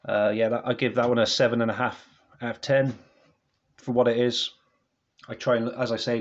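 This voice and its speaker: Give me a man chatting through a DVD review at home, rambling and apologetic, recorded on a dull camera mic. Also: lowish voice. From United Kingdom. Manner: rambling, keeps apologising to viewers.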